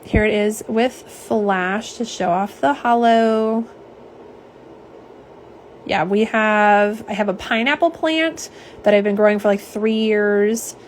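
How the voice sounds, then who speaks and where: A young woman chats on a live stream, rambling through asides and fillers. Her voice sits in a middle pitch, with a faint hiss of noise behind it. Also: slow pace. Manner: chatty and warm, lots of fillers and asides. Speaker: nail polish swatcher. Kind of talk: live-stream chat, reading viewer comments. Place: home office.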